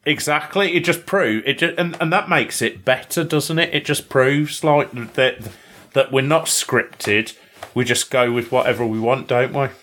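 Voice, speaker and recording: A man's voice: medium pitch, a little slow, fairly bright tone, slight background noise. A young man co-hosting a podcast, chatting casually and teasing, often ending with tag questions. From Britain. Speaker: podcast co-host. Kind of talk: casual banter.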